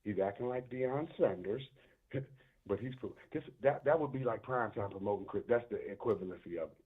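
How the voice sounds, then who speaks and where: A man's voice: lowish voice, fairly quick, breathy edge. A man calling in to a talk show by phone, speaking passionately and emphatically. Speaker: caller. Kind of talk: phone call-in. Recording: tinny phone line.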